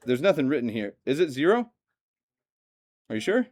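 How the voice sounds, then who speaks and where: A man teaching a math lesson to a classroom, lively and joking, often asking the students questions. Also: mid-range voice, normal speed. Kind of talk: classroom lecture.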